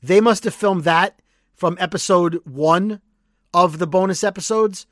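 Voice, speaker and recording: A man co-hosting a podcast, retelling a TV episode as an animated storyteller who acts out the quotes. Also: high-pitched, a little slow, no room sound, studio quality. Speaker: podcast co-host. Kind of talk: casual recap chat.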